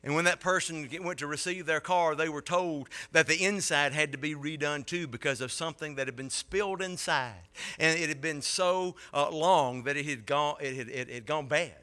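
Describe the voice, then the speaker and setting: A man preaching a sermon, telling a story and building to loud, impassioned peaks before dropping low again. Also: moderate pace.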